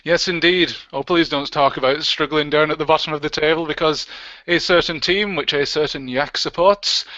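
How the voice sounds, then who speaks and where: Bright jokey guy hosting a stream, dry sound, kinda lo-fi. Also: on the high side, no echo. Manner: jokey, chatty, reads out comments. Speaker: livestream co-host. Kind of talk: casual chat. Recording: dull, lo-fi stream audio.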